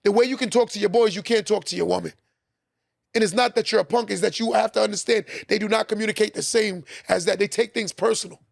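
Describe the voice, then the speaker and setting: Podcast host, man, higher voice with heavy gravel, preachy advice delivery, dry close sound. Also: steady tone, fast talker, dry recording. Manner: preachy, repeats points for emphasis. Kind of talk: advice talk to listeners.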